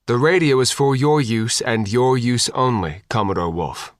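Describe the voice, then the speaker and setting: A man's voice: mid-range voice, moderate pace, no echo, clean studio sound, natural voice. A man reading an audiobook voices a naval submarine officer speaking in clipped, formal radio talk.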